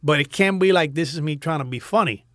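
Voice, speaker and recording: Cuban American actor, animated and dry. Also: male voice, fairly high pitch, fast talker, no room sound. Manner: animated storyteller, restarts and repeats words. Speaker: actor, interview guest. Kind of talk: casual interview chat.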